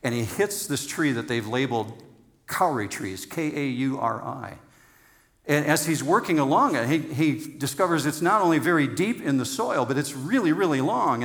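A middle-aged man preaching a sermon in a relaxed, conversational way, teasing the congregation and repeating words for emphasis. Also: a little high, vocal fry. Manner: repeats words for emphasis, slows down on key phrases. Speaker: pastor.

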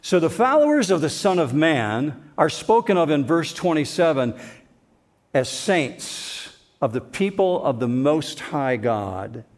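A man's voice: a little high, big pitch swings, unhurried. A male pastor delivering a sermon, conversational yet strongly emphatic, leaning hard on key words.

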